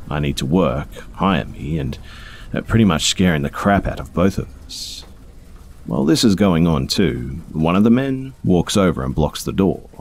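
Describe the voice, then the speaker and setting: A man's voice: extremely low pitch, vocal fry, slight background noise. A man reading first-person stories aloud in a conversational way, with small fillers along the way. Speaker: storyteller.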